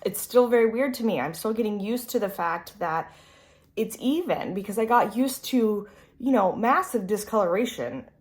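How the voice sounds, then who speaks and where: A woman's voice: mid-range voice, expressive, moderate pace. A woman in her late thirties talking casually to camera in a vlog, chatty and loose, with lots of "like" and "um". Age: late 30s. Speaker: beauty vlogger.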